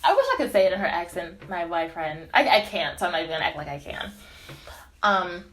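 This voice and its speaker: Animated, swearing young woman telling a story. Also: lowish voice, fast talker. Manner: animated, profane, laughing often. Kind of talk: casual storytime vlog.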